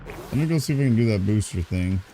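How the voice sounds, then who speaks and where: A man casually commenting on his own gameplay for a live stream, thinking aloud, yawning and drowsy in a warm room at home. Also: fairly low pitch, expressive, fast, a little hiss or hum. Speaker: gaming streamer.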